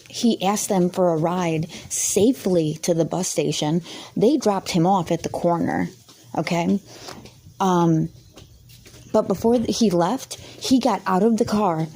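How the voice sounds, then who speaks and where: A woman's voice: lowish voice, dark tone. A woman vlogger telling an angry, rambling story to camera, swearing heavily and sounding indignant.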